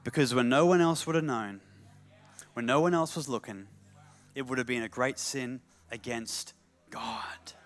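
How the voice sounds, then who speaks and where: A man's voice: medium pitch, measured pace. A man preaching a sermon, repeating key phrases for emphasis and slipping in humorous asides.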